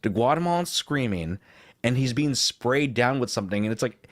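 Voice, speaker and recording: A man telling a rambling story on a casual podcast, his pitch jumping all over as he acts out the people in it. He swears freely. The sound is dry and close. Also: normal speed, no room sound. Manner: animated, swearing, acts out quotes in a high voice. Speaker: podcast co-host.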